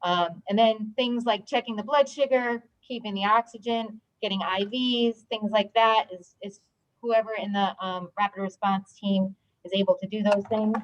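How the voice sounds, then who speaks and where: A woman's voice: mid-range voice, steady tone, moderate pace, dull audio. A woman walking colleagues through a hospital procedure in an informal presentation, with frequent ums. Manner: explanatory, many filler ums. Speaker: hospital stroke program presenter.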